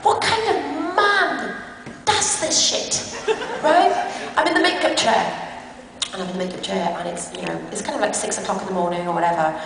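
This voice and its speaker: Animated woman panelist with a lively, swooping voice, heard from far off in an echoing hall with loud crowd noise. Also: mid-range voice, normal speed, creaky. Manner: animated, laughing storyteller. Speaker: convention panel guest. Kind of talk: anecdotal panel chat. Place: large convention hall.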